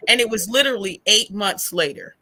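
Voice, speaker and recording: A woman guest on a faith podcast, retelling a hard stretch of her life as an animated storyteller who acts out past conversations. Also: mid-range voice, fairly quick. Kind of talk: emotional personal testimony.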